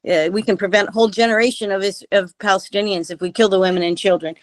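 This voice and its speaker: A woman's voice: mid-range voice, fairly even intonation, fast talker, dry recording. A woman guest giving impassioned political commentary on a radio interview, speaking over a remote call with emphatic rhetorical questions. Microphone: remote call audio.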